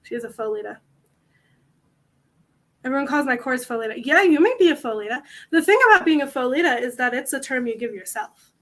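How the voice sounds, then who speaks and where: A woman's voice: high voice, lively intonation, a little fast, a bit bright. A young woman hosting a convention panel, chatting casually to the audience in a rambling, self-mocking way.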